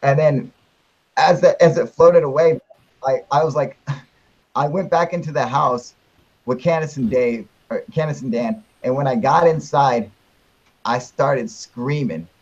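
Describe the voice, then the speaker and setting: A young man hosting a live stream, telling a story in a rambling, excited way, swearing constantly and piling up fillers. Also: medium pitch, unhurried. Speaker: show host telling his sighting. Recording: muffled lo-fi stream audio.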